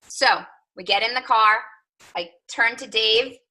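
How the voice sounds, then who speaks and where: Bright chatty woman coach. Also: fairly high pitch, unhurried, poor audio. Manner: chatty, lots of "like" and "right?". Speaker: fitness coach. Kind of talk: storytelling on a team call.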